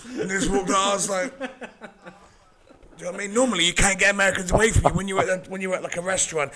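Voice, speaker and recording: A man's voice: high-pitched, very fast, crowd noise. A man telling a rowdy anecdote in casual chat, acting out the people in his story. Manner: animated anecdote teller, mimics voices. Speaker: podcast co-host.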